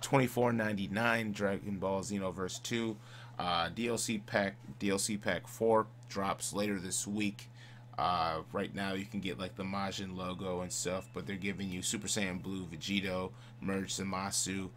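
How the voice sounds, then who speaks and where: A man's voice: low-pitched, little pitch movement, moderate pace, a bit bright, slight background noise. A man co-hosting a casual gaming podcast, laid-back and chuckling as he rattles off sale prices. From Midwest. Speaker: podcast co-host. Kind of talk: casual podcast chat reading game deals.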